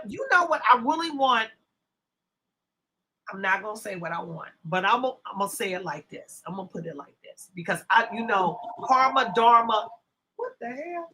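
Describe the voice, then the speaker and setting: Bright-voiced woman hosting a rambling livestream. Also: fairly high pitch, poor audio. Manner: loose, rambling, talks to chat while setting up. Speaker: livestream host. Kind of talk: casual livestream chat.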